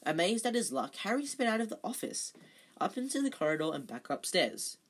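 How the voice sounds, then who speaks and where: An amateur reads a novel aloud casually, stumbling and correcting themself now and then. The voice is mid-range and fairly quick, with big swings in pitch.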